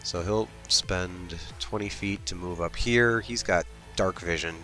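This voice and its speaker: A man playing a tabletop game, slowly describing his character's actions with many hesitations. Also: low voice, bright, forceful tone, soft background music. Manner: slow, rambling, hesitant, with many ums. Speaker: player.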